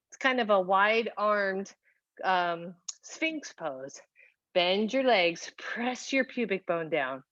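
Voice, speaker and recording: A woman teaching a yoga class, cueing poses calmly while moving and a little out of breath. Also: mid-range voice, muffled recording. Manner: slow, calm cueing with breathy whoops of effort. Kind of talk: guided yoga class instruction.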